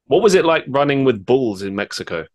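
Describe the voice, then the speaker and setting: A male podcast host in casual interview chat. He sounds easygoing and amused as he reacts and asks questions, and his voice sits at an ordinary pitch for a man. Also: big pitch swings, brisk.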